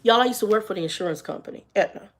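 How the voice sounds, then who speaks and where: A woman's voice: mid-range voice, rapid-fire. Exasperated woman in her fifties telling a story. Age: 50s. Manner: animated and exasperated, acts out dialogue. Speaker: vlogger. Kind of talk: casual storytime vlog.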